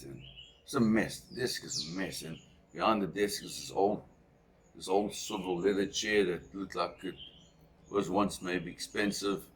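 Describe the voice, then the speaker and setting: A man's voice: deep voice, slight background noise. A man from South Africa telling a personal story in a rambling, conversational way with asides.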